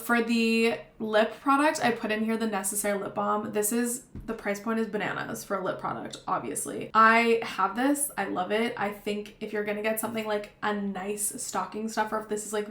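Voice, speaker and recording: A young woman talks casually and loosely to camera, filling her sentences with little fillers and restarts. Her voice sits at an ordinary middle pitch. The room around her is noticeably echoey. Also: a bit bright. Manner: chatty, rambling, lots of fillers. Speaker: vlogger. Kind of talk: casual gift-guide talk to camera. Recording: roomy echo.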